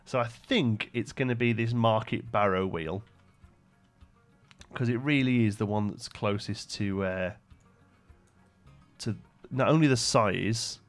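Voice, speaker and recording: A young man live-streaming a building game, thinking aloud and chatting with viewers between frequent fillers. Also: fairly low pitch. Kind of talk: casual live-stream commentary.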